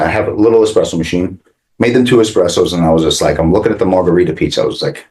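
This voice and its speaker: Guesting on a local business podcast, this pizzeria owner races through casual stories in a low, darkish voice. He says "like" a lot and acts out the quotes as he goes.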